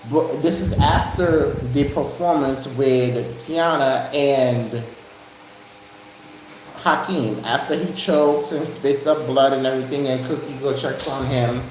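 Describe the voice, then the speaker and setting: A man's voice: medium pitch, fairly even intonation, slow. A man casually retelling a TV episode's plot in a rambling way, with many restarts. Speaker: show recap host. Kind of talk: casual TV recap chat. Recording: very echoey room, faint noise.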